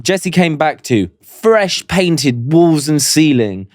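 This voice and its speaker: A man's voice: on the high side, big pitch swings, slow pace, dry recording, studio quality. A young man co-hosting a podcast, laid-back and teasing in casual chat. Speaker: podcast co-host.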